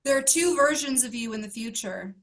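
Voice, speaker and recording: A woman's voice: fairly high pitch, animated, fairly quick. A woman life coach giving an emotional motivational talk to her group, earnest and emphatic, asking question after question. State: emotional, close to tears.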